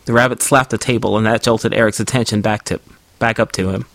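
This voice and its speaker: A man reading a story aloud in an even, measured way as the narrator. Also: lowish voice, gravelly, no echo. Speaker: audiobook narrator. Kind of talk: scripted narration.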